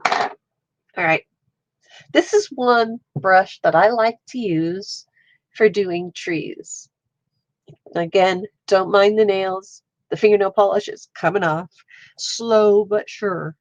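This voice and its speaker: A woman's voice: medium pitch, takes it slowly, no echo, muffled recording. A woman hosting a casual watercolour livestream, stuffy-nosed, chatting with viewers while she paints. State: stuffy nose. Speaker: livestream host. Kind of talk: casual live art stream.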